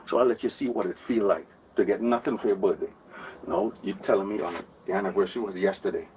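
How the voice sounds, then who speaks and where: A man's voice: on the low side, quick pace, a little mellow. A man in his forties rambling to police officers, repeating himself and asking for agreement, recorded on a bodycam. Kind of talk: heated conversation with officers. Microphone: officer's body camera. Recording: distant bodycam audio with faint background noise.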